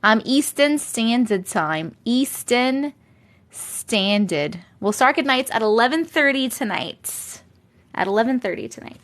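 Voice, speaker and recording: Chatty New York woman, fairly high voice. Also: fairly bright tone. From Long Island, New York. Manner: rambling, chatty, scattered; laughs often. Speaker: live-stream host. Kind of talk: casual live-stream chat.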